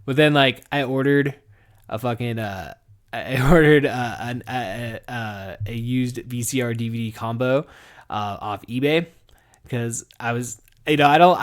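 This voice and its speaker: A young adult man hosting a podcast from his garage office, rambling and profane, laughing a lot and swinging from mumbled asides to loud excited bursts. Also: mid-range voice. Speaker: podcast host. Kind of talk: casual podcast monologue.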